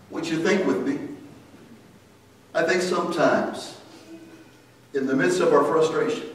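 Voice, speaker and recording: Male pastor, sermon delivery with rising emphasis; very echoey hall recording. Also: high-pitched. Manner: preaching with rising emphasis, calling for amens. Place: church sanctuary. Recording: very echoey church hall, mic at a distance.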